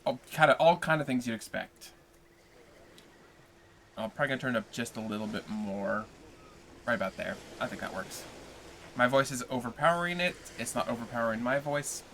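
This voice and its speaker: A man's voice: medium pitch, expressive, a little fast, pauses often, a bit bright, slight background noise. A man hosting a livestream, chatting casually and playfully with his viewers before a reading. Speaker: livestream host and reader.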